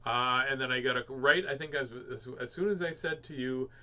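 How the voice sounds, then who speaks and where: A man's voice: mid-range voice, a little fast, sharp tone. A man hosting a home reading show, chatting casually with lots of jokes and fillers. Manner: rambling, jokey, many fillers. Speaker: host reading children's books. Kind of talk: casual chat.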